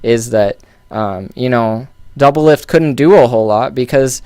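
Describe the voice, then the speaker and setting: A man walks through a recorded match, talking loosely and often restarting his sentences. His voice is smooth and clear at a middle pitch. He sits close to the mic in a dry, dead room. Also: normal speed, mellow, no echo. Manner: loose and thinking aloud, with many fillers and restarts. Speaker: game analyst. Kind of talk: casual game analysis commentary.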